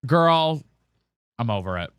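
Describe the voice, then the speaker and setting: A man chats casually with viewers while streaming a game live, swearing, calling the audience "girl and guys," and repeatedly asking teammates whether they have mics. His mid-range voice swings widely in pitch at a slow pace, clear and resonant, with no room sound.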